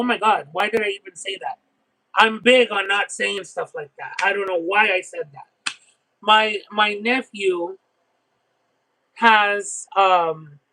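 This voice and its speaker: A man chatting casually on a livestream, talkative and expressive, who swears now and then and keeps saying "you know what I mean.". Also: sits high, low-quality recording. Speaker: streamer reading chat.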